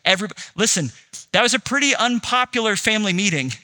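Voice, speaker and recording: A man's voice: high-pitched, lively intonation, quick pace, pushed and bright. A man preaching a sermon as pastor in a conversational way, acting out dialogue as he tells the story. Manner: conversational, acts out dialogue in quotes.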